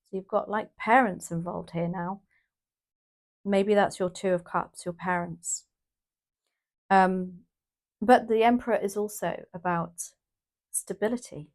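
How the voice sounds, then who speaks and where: A woman's voice: mid-range voice, fairly even intonation, a little slow, pauses often. A woman from the UK doing a casual, emotional tarot reading, rambling with restarts and exclamations. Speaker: tarot reader.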